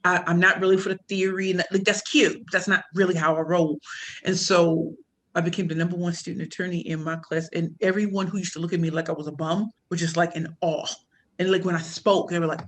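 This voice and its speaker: Animated woman telling her story in slang. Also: fairly low pitch, normal speed. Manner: animated, slangy, quoting others in voices. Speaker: podcast guest, pitch coach and speaker. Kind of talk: casual storytelling interview.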